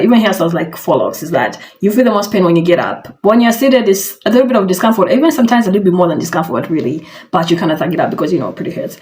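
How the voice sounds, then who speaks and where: A woman's voice: mid-range voice, a little mellow. A woman commenting on hair care in a vlog, giving frank advice with light amusement.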